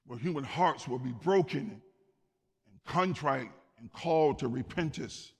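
A man's voice: mid-range voice, lively intonation, unhurried, slightly rough. A man preaching a sermon as pastor, speaking with passion and building to emphatic peaks. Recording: long hall reverb.

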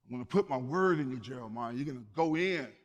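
A man's voice: mid-range voice, expressive, fast, lo-fi sound. A man preaching a sermon as pastor, speaking with passion and building to emphatic peaks. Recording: long hall reverb.

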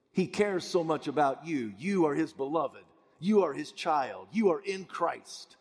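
Impassioned male pastor, husky, echoing hall. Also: on the high side. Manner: impassioned, swings from loud pleading to hushed tones. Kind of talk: sermon. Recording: long reverb of a large hall.

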